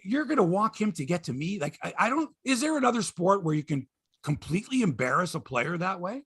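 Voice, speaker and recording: This sports talk show host speaks with a Canadian accent in a high-pitched, slightly rough voice, a little on the fast side. The studio audio is clean and echo-free as he spins lively stories full of swearing and impressions of others.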